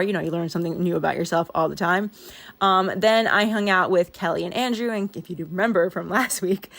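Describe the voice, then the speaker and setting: A young woman chatting casually over her planner pages, rambling and laughing often with a wheeze. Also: lowish voice. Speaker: planner vlogger.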